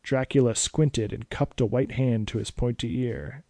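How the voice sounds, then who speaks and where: Dark-voiced man reading a spooky story. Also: medium pitch, steady tone, measured pace, vocal fry, no echo. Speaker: narrator. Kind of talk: scripted storytelling.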